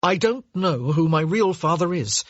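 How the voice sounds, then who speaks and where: A woman voicing a nervous young nobleman who speaks haltingly. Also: lowish voice, lively intonation, no room sound. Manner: halting, hesitant. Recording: dull lo-fi dry recording.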